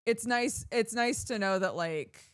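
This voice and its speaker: A woman streamer chatting casually to her viewers, telling stories animatedly with yelled bits and bursts of laughter. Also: on the high side, measured pace, smooth. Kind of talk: casual chat.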